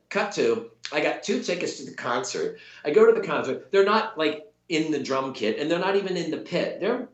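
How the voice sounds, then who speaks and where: A man's voice: fairly high pitch, expressive, normal speed, few pauses, lo-fi sound. A middle-aged man, an actor guest, telling a long story in casual chat with many restarts and quoted voices. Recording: roomy echo.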